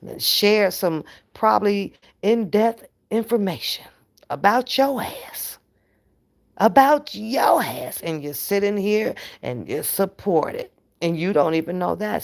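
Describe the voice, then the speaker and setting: A woman hosting her own channel in a casual, profane livestream rant, animated and laughing often. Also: mid-range voice, gravelly. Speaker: channel host.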